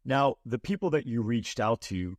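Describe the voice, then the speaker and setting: A man's voice: mid-range voice, animated, normal speed, no room sound, studio quality. Playful man hosting an interview. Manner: playful, laughs often. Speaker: podcast host. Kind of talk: casual interview.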